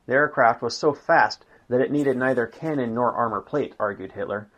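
A man's voice: mid-range voice, a bit bright. Man reading history aloud, lo-fi. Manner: unhurried reading, says "quote" and "end quote", occasional slips. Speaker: narrator.

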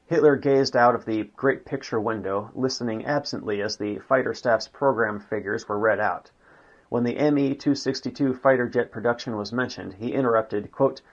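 Casting: mid-pitched male reader of nonfiction, plain and steady, dull lo-fi sound. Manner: unhurried reading, says "quote" and "end quote", occasional slips. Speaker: narrator. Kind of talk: reading a history book aloud.

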